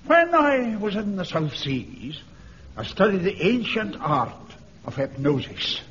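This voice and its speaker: An actor playing a dour older soldier with a slow, looming, dramatic delivery in a radio comedy. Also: male voice, sits high, big pitch swings, crowd noise, heavily acted. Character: dour older Scottish male soldier, grim storyteller. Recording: dull old radio broadcast with audience laughter and hiss.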